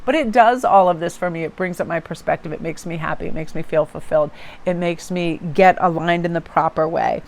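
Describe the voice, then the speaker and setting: A woman hosting a tarot positivity channel, talking in a chatty, upbeat way with quick laughs and asides. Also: on the low side, a little mellow. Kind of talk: casual motivational vlog talk.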